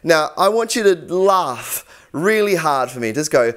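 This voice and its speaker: Young guy giving a singing lesson, chill and encouraging, kinda high smooth voice. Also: very animated, measured pace, fairly bright tone. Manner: encouraging, easygoing teaching. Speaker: vocal coach. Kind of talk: instructional tutorial.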